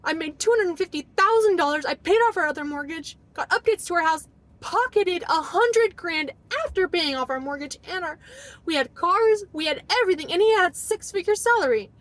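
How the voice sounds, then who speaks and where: A woman's voice: extremely high pitch, lively intonation, a little fast, fairly bright tone. A young woman vlogger telling her own story in a casual, emotional way, acting out past arguments and saying "like" a lot. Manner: emotional, re-enacts past arguments, heavy use of "like".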